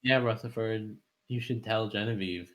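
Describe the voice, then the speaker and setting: A man playing a tabletop role-play game, speaking in a slow, hesitant way. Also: on the low side, fairly even intonation. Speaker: player.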